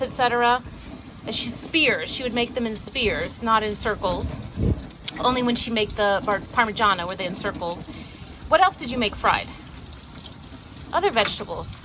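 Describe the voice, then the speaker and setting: A woman's voice: a little high, noisy background. A woman chatting casually while cooking with her mother, rambling a little with fillers as she explains each step. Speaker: home cooking vlogger. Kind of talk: casual cooking vlog chat. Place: kitchen, then outdoor backyard kitchen.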